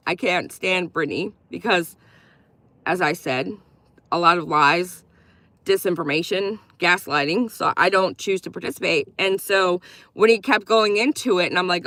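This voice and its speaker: Blunt, forceful woman livestreamer. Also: fairly low pitch, moderate pace, no echo. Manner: blunt, profane and opinionated; reacts warmly to viewer gifts. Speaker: livestream commentator. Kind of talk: casual livestream commentary.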